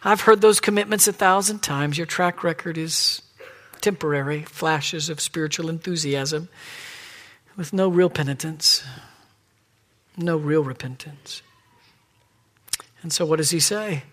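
A man preaching a sermon who swings from hushed whispers to loud, emphatic pleading and acts out quoted voices. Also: fairly high pitch, unhurried, pauses often. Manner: acts out God and the people in quoted lines. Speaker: pastor.

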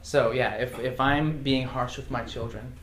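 A man's voice: mid-range voice, fairly even intonation, measured pace, a bit bright. A man teaching a casual class, reading example phrases aloud and chuckling often. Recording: echoey room with faint noise.

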